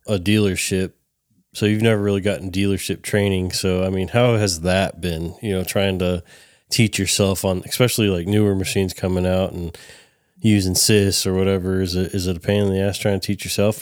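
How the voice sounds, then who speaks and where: A man hosting a laid-back podcast interview, his questions wandering and full of fillers. His voice sits on the low side. The sound is close and dry. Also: steady tone, normal speed, darkish tone, no room sound. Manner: rambling, filler-heavy questions. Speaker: podcast host.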